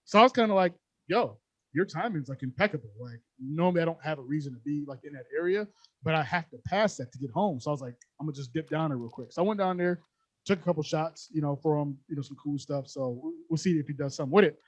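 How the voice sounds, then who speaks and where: Young male podcast co-host, quick and high-pitched, animated slangy storyteller, dry close sound. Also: no room sound. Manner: animated, slangy, laughs often. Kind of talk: casual storytelling chat.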